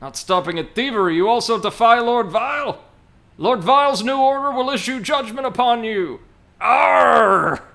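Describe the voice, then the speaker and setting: A man's voice: very high-pitched, expressive, normal speed, fairly bright tone, voice pushed up. A man voicing a grandiose villain king from a video game, speaking in a made-up generic European accent. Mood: pompous. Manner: grandiose, theatrical pronouncements. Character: pompous self-proclaimed villain king boss, male.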